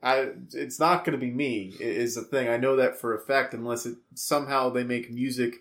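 A man co-hosting a podcast in casual banter, jokey and quick to laugh. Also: medium pitch, fairly even intonation, a bit bright. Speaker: podcast co-host.

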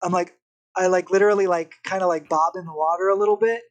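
A young man, a podcast guest, telling a story in a casual, animated way. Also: sits high, fast talker. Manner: animated, vivid retelling with acted-out quotes.

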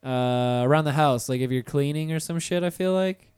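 A man's voice: fairly high pitch, moderate pace, darkish tone, clean tone, no echo. A man hosting a podcast in a studio, chatting casually, teasing and swearing freely. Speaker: podcast host. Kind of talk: casual chat. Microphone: studio microphone.

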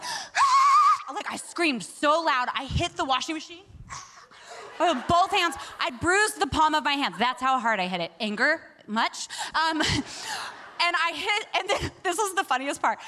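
Woman preacher, high bright voice, animated storyteller who acts out the dialogue in her sermon. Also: a little hiss or hum. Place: in front of a live congregation.

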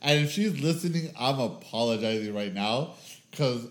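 A man co-hosting a podcast who tells stories against himself in a casual, lively way, swearing and laughing. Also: medium pitch, moderate pace, echoey room. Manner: lively, self-mocking storyteller, swears, laughs. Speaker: podcast co-host. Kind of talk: casual chat.

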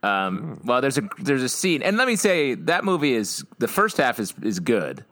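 A man co-hosting a podcast, recapping an episode in casual chat, animated and teasing. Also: mid-range voice, moderate pace, no echo. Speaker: podcast co-host.

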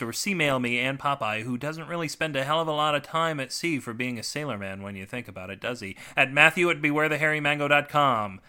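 A man hosting a comic podcast and reading his own short story, full of sardonic, self-mocking deadpan asides. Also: on the high side, brisk, hardly any pauses, clean tone.

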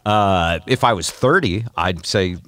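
A man's voice: low voice, animated, measured pace, a bit bright. An older man hosting a podcast, chatting casually in a wry, self-mocking way and stumbling over his words. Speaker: podcast host.

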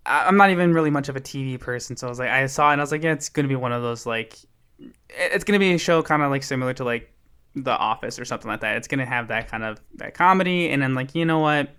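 A man's voice: mid-range voice, quick pace, sharp tone, clean tone. A man in a casual chat, rambling through a story with lots of restarts and likes. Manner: rambling, self-interrupting storytelling. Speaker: podcast co-host.

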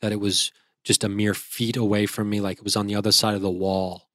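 A man's voice: lowish voice, little pitch movement, fairly quick, a bit bright, no room sound, studio quality. A young man, a guest, retelling a frightening experience in a vivid, casual way with restarts. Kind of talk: casual storytelling.

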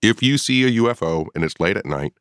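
A man's voice: lowish voice, expressive, fairly quick, fairly bright tone, no echo, studio quality. A middle-aged man and paranormal investigator telling a story in a casual podcast chat, acting out his own past reactions.

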